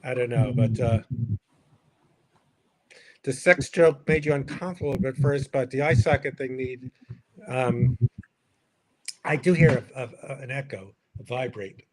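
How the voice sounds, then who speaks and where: A man's voice: medium pitch, unhurried, long pauses, a little mellow. An older man, a comedian, telling a rambling self-deprecating story on a livestream call, full of restarts. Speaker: comedian, stream co-host. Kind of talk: casual storytelling chat. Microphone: livestream video call mic. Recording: noisy stream audio.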